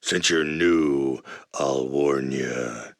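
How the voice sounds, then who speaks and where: A voice actor playing a menacing male town tough in a game recording session, delivering his threats with a low growl. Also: very slow, dry recording, clean studio sound, heavily acted.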